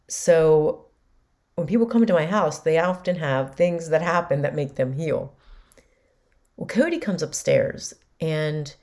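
A woman in her forties hosts a podcast and tells a personal family story. She speaks in a low voice, candid and emotional, and acts out what each person said. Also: a little mellow. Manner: candid, emotional retelling with quoted dialogue. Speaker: podcast host.

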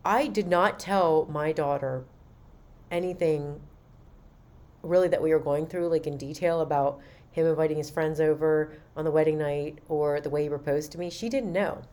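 Low-voiced woman telling a personal story. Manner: animated, recounting conversations. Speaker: podcast host.

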